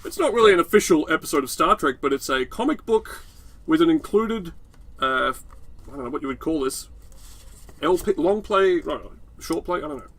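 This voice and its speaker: Bright-voiced Australian man, sarcastic. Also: on the high side, animated, moderate pace. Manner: sarcastic, mocks scenes in put-on voices. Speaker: podcast co-host. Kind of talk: casual review chat.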